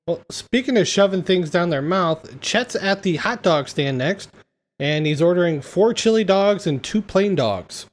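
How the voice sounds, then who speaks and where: Male podcast host, high voice, chatty recap delivery. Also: lively intonation, unhurried. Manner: retelling scenes with enthusiasm. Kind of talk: casual film-recap chat.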